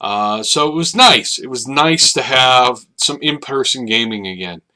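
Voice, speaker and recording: A man over 30 hosts a solo podcast, rambling reflectively in a casual monologue full of fillers and restarts. His voice is medium-pitched and sharp in tone, and he speaks a little slowly.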